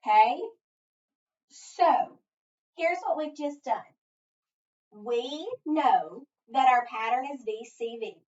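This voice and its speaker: A woman's voice: on the high side, lively intonation, darkish tone. A woman teaching a phonics lesson, patiently asking questions and answering them herself. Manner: slow, patient, asks and answers her own questions. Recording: distant, echoey, dull room sound.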